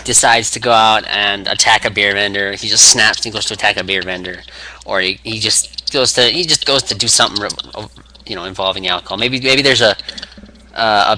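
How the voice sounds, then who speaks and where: A man's voice: fairly low pitch, sharp tone, slight background noise, poor audio. A young man rambling through a fantasy wrestling booking idea, with many restarts, acting out quotes. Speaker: wrestling fan video maker.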